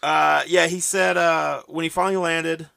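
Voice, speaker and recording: A man's voice: fairly high pitch, steady tone, moderate pace, gravelly, pushed and bright, dry recording, clean studio sound. A man co-hosting a podcast, talking in a laid-back, joking way and stretching out his phrases. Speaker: podcast co-host. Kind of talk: casual chat.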